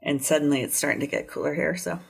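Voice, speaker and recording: Woman, low register, podcast co-host; casual true-crime retelling, quotes people in little voices. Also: fairly even intonation, fast talker, vocal fry, slightly rough.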